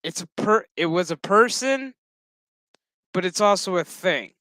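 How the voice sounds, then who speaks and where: Excitable profane man recapping a show. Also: high-pitched, unhurried, no room sound, poor audio. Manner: profane, excitable, acts out characters' lines. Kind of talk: casual episode recap.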